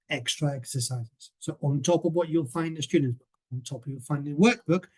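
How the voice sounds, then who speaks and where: A man presenting a coursebook in a webinar over a video call, chatty and often checking in with the listeners. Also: medium pitch. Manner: chatty, keeps checking in with "okay?". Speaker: teacher trainer presenting a coursebook.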